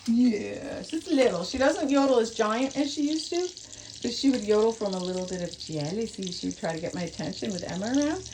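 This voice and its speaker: A young woman talks a pet sitter through her dog's care in a home kitchen, rambling and friendly with plenty of fillers. Her voice is fairly high and bounces up and down a lot. Kitchen clatter and running water are clearly heard behind her on this home video. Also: lively intonation, fairly quick, background noise. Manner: chatty, rambling, lots of fillers and restarts. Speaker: dog owner giving pet-sitter instructions. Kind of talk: casual home video walkthrough.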